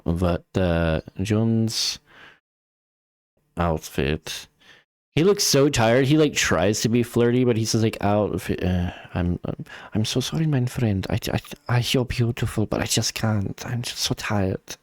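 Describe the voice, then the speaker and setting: A man's voice: lowish voice, expressive, slow, pauses often, no echo, studio quality. A man voicing a dazed, exhausted father with a wobbly put-on foreign accent, drawling and calling people darling. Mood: weary. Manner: drawling, exhausted, fond pet names.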